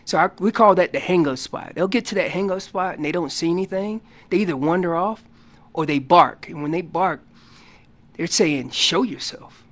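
A man guest on a radio show explaining hunting calls in a casual, animated way, acting out what the animals are saying. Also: high-pitched, normal speed. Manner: loose casual grammar. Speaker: elk calling champion guest. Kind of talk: instructional radio interview.

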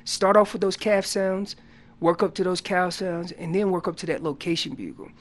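Guy on a radio show talking elk calls, lively, gets loud and excited making his point. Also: high-pitched, normal speed. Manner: animated storytelling, rising loud on key points. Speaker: elk calling guest. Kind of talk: casual radio interview.

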